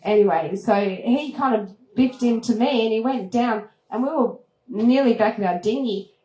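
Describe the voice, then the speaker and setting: Animated woman storyteller in a roomy hall. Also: normal speed. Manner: lively, laughs often, acts out moments with high squeals. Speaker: travel TV host giving a talk. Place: event room at a retreat.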